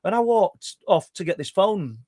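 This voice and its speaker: A talkative middle-aged man with a Yorkshire accent spins out a story as a guest, tripping over his words and starting again. His voice sits fairly high for a man, and the sound is dry and close with almost no room on it. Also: normal speed, no room sound. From Yorkshire, England. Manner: talkative, stumbling restarts, animated. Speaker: guest researcher. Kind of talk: storytelling in conversation.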